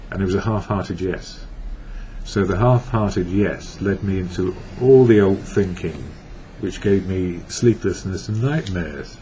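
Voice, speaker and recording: Deep-voiced man in a rambling monologue. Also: a little slow, mellow. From England. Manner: rambling, self-correcting. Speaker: recovery blogger. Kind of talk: reflective personal monologue. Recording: dull lo-fi with faint hiss.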